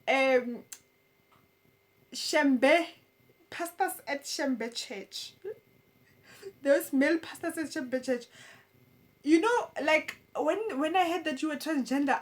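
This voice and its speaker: A young woman delivering a stand-up roast, teasing with stammered restarts and laughing at her own jokes. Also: high voice. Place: comedy roast stage.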